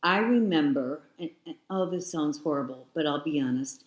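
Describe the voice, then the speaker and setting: A woman's voice: deep voice, lively intonation, moderate pace, roomy sound. A woman in her sixties, a guest telling her own story frankly and reflectively, sometimes repeating herself. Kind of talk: candid personal storytelling.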